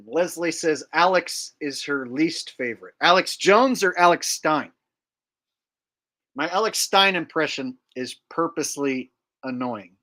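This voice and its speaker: A man's voice: on the high side, animated, unhurried, sharp tone. Joking man chatting on a livestream. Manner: joking, self-mocking, laughs often. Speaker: host. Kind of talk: casual livestream chat.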